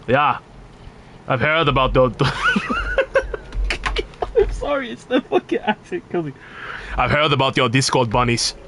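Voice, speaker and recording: A man's voice: mid-range voice, a bit bright, a little hiss or hum. A man streaming a video game live, chatting casually with viewers, laughing often and swearing freely.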